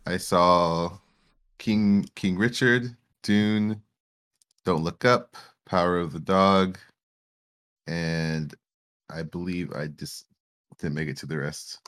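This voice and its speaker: A man's voice: low voice, slow, pauses often, a bit bright, clean tone. A young man co-hosting a podcast, teasing his friend in easygoing banter. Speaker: podcast co-host. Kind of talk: casual chat.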